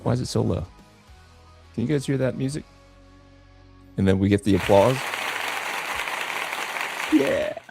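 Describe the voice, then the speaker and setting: A man's voice: lowish voice, moderate pace, vocal fry, pauses often, dark tone, faint music behind, a faint crowd. A man hosting a live drawing stream from home, rambling casually with many fillers and repeated words. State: a little out of breath. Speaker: comic artist hosting a live draw stream. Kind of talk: casual livestream chat.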